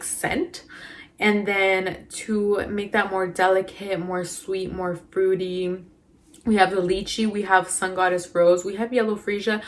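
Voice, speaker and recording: A woman talking casually to camera as she reviews perfumes, chatty and rambling with lots of fillers. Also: mid-range voice. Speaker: beauty vlogger.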